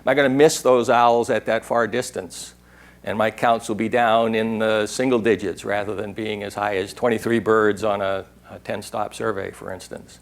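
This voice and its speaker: A man's voice: fairly low pitch, steady tone, moderate pace. An older man giving a workshop talk in a lecture room, rambling and digressive, now and then imitating an owl's call. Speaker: workshop speaker. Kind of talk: conference talk.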